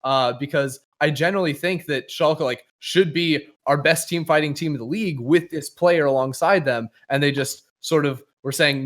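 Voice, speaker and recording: A man's voice: on the high side, normal speed, few pauses. A man who works as an esports caster, talking through his analysis as a guest on a casual podcast. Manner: analytical, thoughtful.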